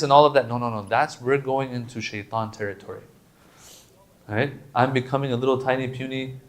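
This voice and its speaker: A man giving a sermon in a mosque, talking casually, dropping to soft asides, rising sharply for quoted lines and repeating words for emphasis. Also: mid-range voice. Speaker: religious lecturer.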